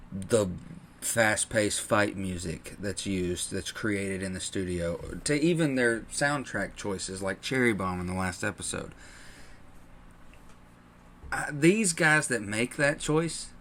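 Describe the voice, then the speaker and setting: A man co-hosting a casual podcast chat, relaxed and full of fillers, acting out scenes he retells. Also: on the low side, a little hiss or hum. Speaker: podcast co-host.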